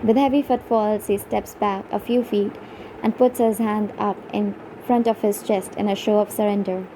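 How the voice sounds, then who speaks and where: Mellow woman narrating an audiobook. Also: medium pitch, steady tone, normal speed, slight background noise, poor audio. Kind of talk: first-person audiobook narration.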